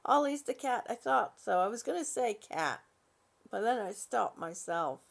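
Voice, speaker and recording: Slightly high and animated, with vocal fry and a moderate pace, an older woman runs her live stream by reading viewers' comments aloud. Her manner is chatty and kind, peppered with ums and restarts.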